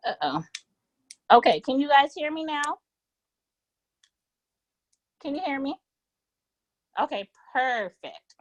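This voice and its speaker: A woman's voice: high voice, sing-song, slow pace, long pauses, highs cut off, a little hiss or hum. A woman training travel agents, talking informally and cheerfully on a conference call, often checking in with "okay?". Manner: upbeat, chatty, often tags "okay?". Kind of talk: informal presentation on a group call. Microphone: laptop or phone on a conference line.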